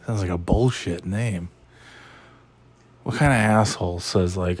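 A man's voice: sits low, measured pace, long pauses, breathy edge. A man hosting a casual chat, rambling and sarcastic, swearing freely.

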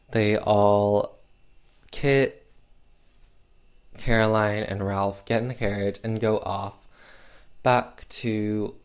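A man's voice: fairly low pitch, darkish tone, smooth. A man casually recapping a film plot with sarcastic asides, full of "um" and "like" fillers. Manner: sarcastic, filler-heavy with lots of "um" and "like".

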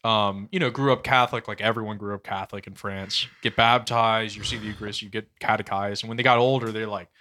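Man, casual storyteller, filler-heavy, bright timbre. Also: lowish voice, fairly even intonation, quick pace, hardly any pauses. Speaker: guest.

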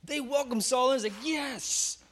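A male pastor telling a story in a sermon, animated and acting out the scenes, now and then getting the congregation to call out lines. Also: sits high, measured pace. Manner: animated, acts out the scenes in small voices.

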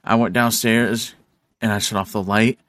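A man co-hosting a podcast, telling a profane story in an animated, casual way. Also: lowish voice, moderate pace, dry recording, studio quality. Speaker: podcast co-host. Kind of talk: casual chat.

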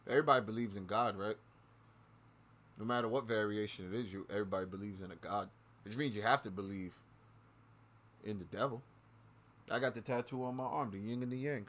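This is a podcast host in full political tirade, cursing constantly and saying lines again to drive them in. He speaks briskly but stops often, shifting between muttering under his breath and shouting.

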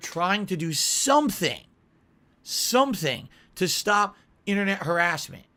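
A man's voice: high-pitched, very animated, a little slow, pushed and bright. A man in a clip from a streamer's podcast, ranting in an indignant, lecturing manner.

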